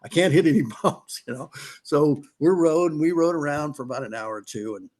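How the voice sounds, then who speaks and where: Rambling middle-aged racer telling stories. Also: male voice, fairly high pitch, fairly quick, darkish tone. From California. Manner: rambling, restarts, acts out quotes. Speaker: podcast guest, former off-road racer. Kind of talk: casual storytelling.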